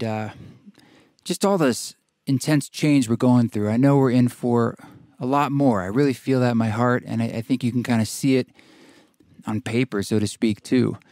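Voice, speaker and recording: A man from Oregon hosting a podcast, talking in a relaxed, rambling way with fillers, a bit out of breath. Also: mid-range voice, dry recording, clean studio sound. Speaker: podcast host. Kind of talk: casual podcast intro and interview. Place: tiny house studio.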